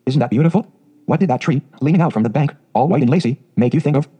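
A clear, sweet-voiced orphan girl of about eleven chatters on in breathless, eager run-on bursts, as a man reads her part in a storybook. The talk races along very fast. Her tone sits soft and mellow, with a slightly husky edge. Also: medium pitch, expressive, voice pushed up.

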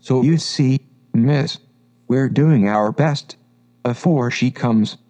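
A man voicing a timid playing-card gardener who speaks low and apologetically in a storybook reading. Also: slow, warm tone, close to an everyday voice. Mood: apologetic.

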